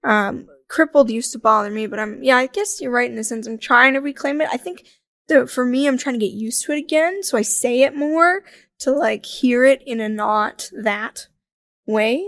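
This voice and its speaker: A talkative woman guest on a podcast, her voice pitched a little high. She rambles easily with lots of "like" and breaks into laughs now and then. She is close on a dry, dead-sounding mic. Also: normal speed, fairly bright tone, no room sound. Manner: chatty, frequent "like" fillers, laughs often. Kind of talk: casual conversational interview.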